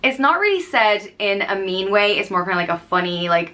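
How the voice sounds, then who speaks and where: Bright-voiced Irish woman explaining slang. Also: medium pitch, big pitch swings, brisk. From Ireland. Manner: chatty, with many "um"s and playful acted-out example phrases. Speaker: vlogger. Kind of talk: casual explanatory vlog.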